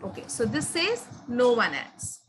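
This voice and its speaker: A woman's voice: on the high side, huge pitch swings, unhurried, a little hiss or hum, low-quality recording. A woman teaching grammar to students, patient and questioning, stressing key words.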